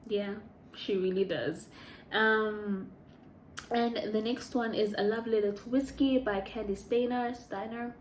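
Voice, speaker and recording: A woman chats as a book reviewer, chatty and gushing, rambling with many fillers. Her voice sits at a middle pitch. The room has an echo and a faint background hiss. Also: fairly even intonation, measured pace. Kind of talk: casual chat. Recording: echoey room.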